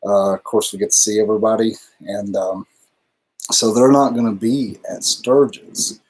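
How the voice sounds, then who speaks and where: A man's voice: on the low side, steady tone, moderate pace, a little mellow, husky. Rambling, casually swearing man. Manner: loose, rambling, swears freely. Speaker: livestream co-host. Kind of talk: casual live chat.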